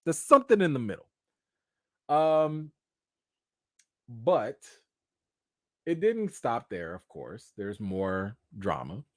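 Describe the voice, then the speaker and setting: A man hosting a live commentary chat, talking in an animated, slangy way. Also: medium pitch, slow pace, pauses often, dry recording, studio quality. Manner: animated, slangy, acts out quotes. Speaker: host.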